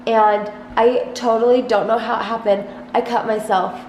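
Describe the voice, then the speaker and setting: A woman's voice: on the high side, level tone, normal speed, darkish tone, reverberant, a little hiss or hum, low-quality recording. A young woman vlogging from her home kitchen, rambling in a casual chat full of "like". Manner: rambling, heavy use of "like". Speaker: vlogger and mother. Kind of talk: casual vlog talk to camera. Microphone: handheld vlog camera.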